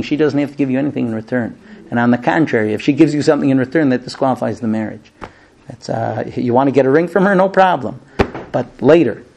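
A man teaching grooms about marriage in a lively, humorous lecture, acting out bits of dialogue and using many fillers. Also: mid-range voice, creaky. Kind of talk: lively lecture to a small class. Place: room with a live audience.

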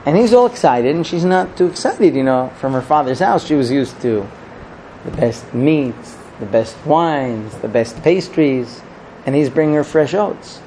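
A man giving a sermon, telling a parable in an animated storytelling manner. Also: fairly high pitch, normal speed, slight background noise, rough recording. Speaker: religious teacher.

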